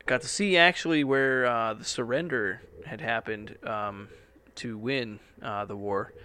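A man's voice: medium pitch, a little slow, few pauses, pushed and bright, a little hiss or hum. Laid-back rambling podcast host, male. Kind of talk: casual podcast monologue. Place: studio. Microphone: studio microphone.

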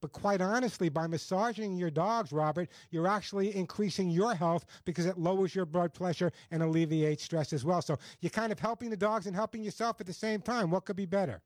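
A man with a high, bright-sounding voice hosts a call-in pet show on the radio. He talks in an animated, folksy way, close to a dry studio mic with no room sound. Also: brisk, hardly any pauses, no room sound.

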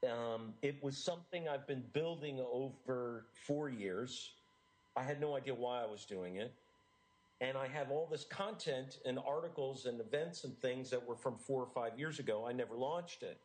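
A middle-aged American man gives an eager interview in a voice of ordinary pitch for a man. He is earnest and animated, often restarting his sentences as he pushes his ideas forward. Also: moderate pace, low-quality recording. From United States. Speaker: author and interview guest. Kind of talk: enthusiastic interview talk.

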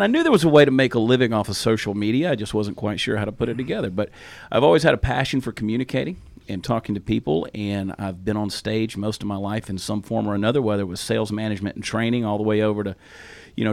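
A man's voice: lowish voice, no echo. A man with a Southern Texas accent hosting a podcast, telling stories in a folksy, casual way. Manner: storytelling, folksy. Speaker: podcast host.

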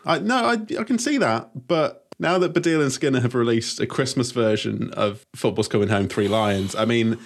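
A man's voice: mid-range voice, moderate pace, gravelly, hardly any pauses. A British man co-hosting a podcast, reading listener questions in a wry, casual way. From Britain. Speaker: podcast co-host. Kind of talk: casual chat.

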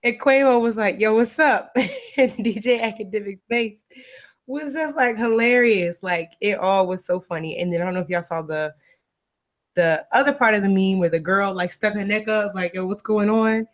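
A woman co-hosting a podcast, telling stories in an animated, casual way with laughter. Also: medium pitch, moderate pace. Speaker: podcast co-host. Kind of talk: casual chat.

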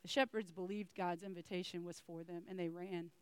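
A woman's voice: on the low side, steady tone, a little fast, clear, resonant tone, no echo. A woman preaching a sermon in an earnest way, speaking straight to her listeners with repeated questions.

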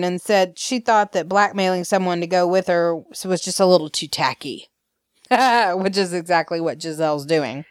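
A woman's voice: medium pitch, unhurried, clean tone, dry recording, clean studio sound. A woman from Alabama with a Southern accent, chatting casually as a podcast host and acting out quoted lines with laughs. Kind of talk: casual recap chat.

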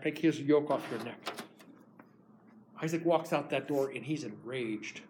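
A man preaching a sermon, retelling a Bible story in an animated, lively way. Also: medium pitch, unhurried, pauses often, a little hiss or hum.

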